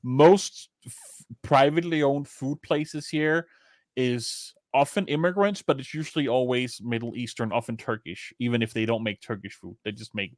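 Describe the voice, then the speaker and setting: A Danish-accented man co-hosting a podcast, talking in a loose, rambling way and swearing offhandedly. His voice sits at an ordinary pitch and sounds close and dry, with no room around it. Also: moderate pace, no room sound. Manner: chatty, rambling, swears casually. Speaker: podcast co-host. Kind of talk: casual chat.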